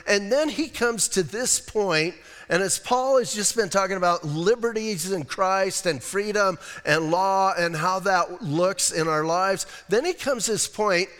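The recording captures a pastor's conversational sermon in a church hall, where long reverb trails his fairly high, fairly bright voice. Addressing his congregation, he stays plainspoken and casual, often at his own expense.

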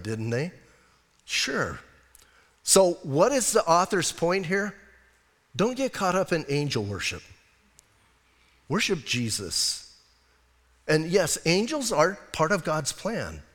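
Animated male pastor in an echoing church. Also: a little high. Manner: casual, animated storytelling. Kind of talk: sermon. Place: church sanctuary. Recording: long church reverb.

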